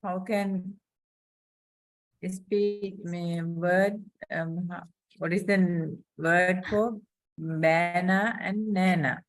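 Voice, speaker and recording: A woman student puts her questions to the teacher in very slow, hesitant English, stopping often to find her words. The voice sits fairly low and sounds dry and close, with no room around it. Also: steady tone, no room sound.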